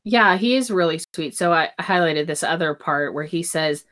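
Low-voiced woman gushing about a romance novel, casual chat. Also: lively intonation, normal speed, hardly any pauses, fairly bright tone. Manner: enthusiastic, gushing over the romance. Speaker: book podcast co-host. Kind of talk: casual book discussion.

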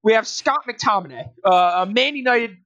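A man's voice: high voice, expressive, moderate pace, sharp tone, no room sound, muffled recording. A young man co-hosting a casual sports podcast, ranting in exasperation, laughing and restarting his sentences. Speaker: podcast co-host.

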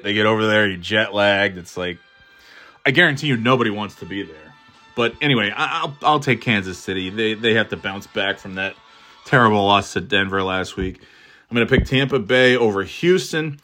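A man's voice: mid-range voice, fairly bright tone. A man rambling casually through his football picks, swearing and mocking himself, with many restarts. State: throat irritated, clearing it. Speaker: podcast host giving football picks.

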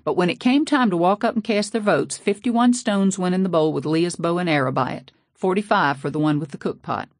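A woman's voice: on the low side, fairly quick, hardly any pauses, no room sound, studio quality. A woman narrating a novel in a folksy, sassy first-person voice. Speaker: audiobook narrator. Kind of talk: scripted narration.

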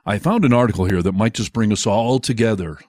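A man's voice: fairly low pitch, fast, no room sound. A man co-hosting a casual comedy podcast, reading news with sarcasm and frequent laughs. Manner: animated, sarcastic, laughs often. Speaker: podcast co-host.

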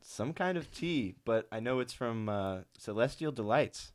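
A man's voice: mid-range voice, animated, a little slow. A man in his twenties co-hosting a podcast, talking in a laid-back, drawling way with lots of fillers. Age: 20s. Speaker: podcast co-host. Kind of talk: casual chat. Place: podcast studio.

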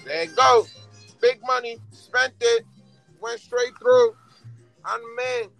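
Gravelly high-voiced joking man. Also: wildly swooping pitch, slow, sharp tone, soft background music, low-quality recording. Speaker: talk show host. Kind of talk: casual chat. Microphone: phone app audio.

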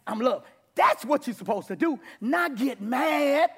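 Gravelly high-voiced preaching man. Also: measured pace. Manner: animated preaching with shouts and laughs. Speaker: pastor. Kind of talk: sermon. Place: church in front of congregation.

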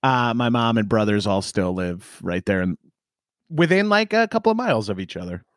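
A man's voice: on the low side, big pitch swings, normal speed, no echo, clean studio sound. A comedian in his late thirties from Long Island, rambling and joking in a casual podcast chat and acting out quoted voices with laughs. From Long Island, New York. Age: 30s. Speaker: comedian guest.

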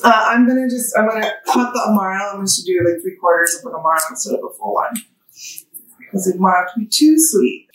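A woman co-hosting a podcast while mixing cocktails, talking casually, swearing freely and breaking into loud outbursts. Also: mid-range voice, quick pace, far from the mic, slight background noise. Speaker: podcast co-host and bartender. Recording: echoey room, voice a bit off-mic.

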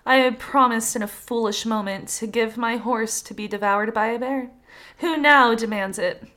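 A woman's voice: a little high, moderate pace, fairly bright tone, lightly acted. A woman reading aloud the lines of a worried, crafty peasant man in a casual storytelling read.

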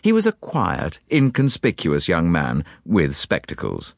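Deep-voiced man reading a story aloud. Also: huge pitch swings, gravelly, dry recording, studio quality. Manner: measured, storytelling. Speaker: audiobook narrator. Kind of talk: scripted narration.

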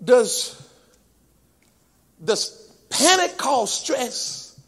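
A man preaches at a church service with a rhythmic cadence, dropping to hushed talk and rising into sung, shouted peaks. His voice sits very high for a man and carries a gravelly, raspy edge. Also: sing-song, extremely slow. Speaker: pastor. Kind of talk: sermon.

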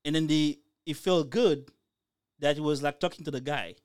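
A man's voice: fairly high pitch, normal speed, no echo, studio quality. A man in his thirties co-hosting a casual chat, telling a long story and acting out the quotes. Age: 30s. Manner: animated storyteller, acts out quotes. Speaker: podcast co-host.

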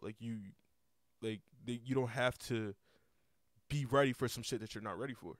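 A man's voice: medium pitch, steady tone, moderate pace, no echo, clean studio sound. A young man hosting a casual podcast, rambling with lots of repeated words and cursing freely. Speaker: podcast host.

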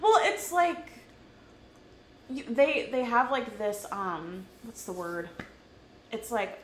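A woman's voice: on the high side, slow pace, a bit bright, a little hiss or hum. A young woman from the Midwest co-hosting a casual podcast, blunt, profane and indignant. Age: young adult. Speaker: podcast co-host. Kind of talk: casual chat. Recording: echoey room.

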